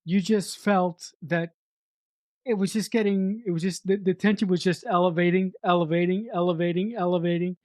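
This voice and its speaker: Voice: medium pitch, steady tone, moderate pace, darkish tone, dry recording. Middle-aged co-host, casual film review, emphatic and repetitive, swears, dry close sound. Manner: emphatic, repeats words for effect, swears freely. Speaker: podcast co-host.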